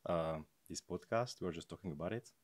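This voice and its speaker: Male podcast guest, deep voice, halting delivery with fillers, dry. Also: no room sound. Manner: hesitant, many pauses and fillers. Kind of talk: casual conversation.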